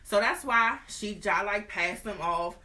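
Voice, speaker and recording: Animated, slangy woman host. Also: mid-range voice, measured pace. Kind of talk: casual storytelling.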